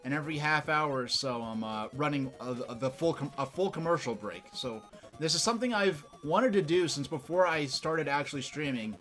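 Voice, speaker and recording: A man's voice: fairly high pitch, fairly quick, soft background music. Chatty New York man streaming a game. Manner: chatty, rambling, easily excited. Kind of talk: casual chat while playing a game.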